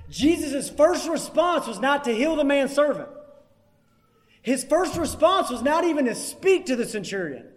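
A man's voice: extremely high pitch, big pitch swings, moderate pace. A man preaching a sermon, emphatic and repeating key phrases for weight. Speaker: pastor. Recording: long hall reverb.

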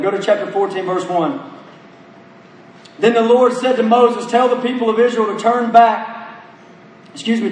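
A man preaching a sermon, asking rhetorical questions and reading scripture aloud with emphasis. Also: sits high. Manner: emphatic, rhetorical questions, reads verses slowly. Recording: echoey hall, voice heard from a distance.

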